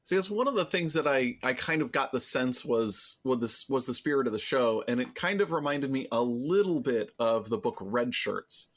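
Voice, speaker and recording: Mid-pitch podcast guy, thinks out loud, trips over his sentences. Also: animated. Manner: thoughtful, halting, restarts his sentences. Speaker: podcast co-host. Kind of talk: casual chat.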